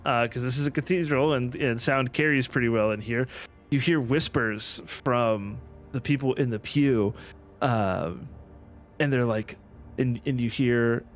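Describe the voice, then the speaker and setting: A man narrating as game master in an online tabletop game, with many ums and pauses. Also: medium pitch. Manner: slow, with many ums and uhs.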